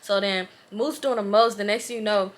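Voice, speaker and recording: A woman in her twenties telling an animated, slangy, profane storytime on her vlog. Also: medium pitch, normal speed. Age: 20s. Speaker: vlogger.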